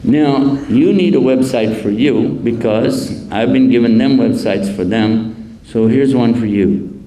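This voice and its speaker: A man giving a public lecture as a preacher, telling stories with deadpan jokes and slowly repeating key phrases. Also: mid-range voice, a little hiss or hum, poor audio. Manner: storytelling, deadpan joking, slow repetition of key phrases. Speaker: Islamic preacher. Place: university lecture hall.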